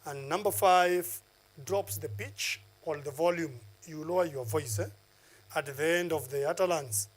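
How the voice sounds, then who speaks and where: A man gives a televised classroom lesson and counts off one numbered point after another. He pauses on filler uhs as he lectures. His speaking voice sits fairly high for a man. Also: low-quality recording. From Kenya. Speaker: teacher.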